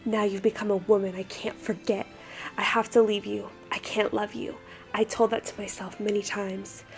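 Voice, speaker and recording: A woman voicing a gentle, quiet young male butler in an otome game. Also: medium pitch, flat delivery, normal speed, faint music behind, voice pushed down, natural voice. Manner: quiet and subdued.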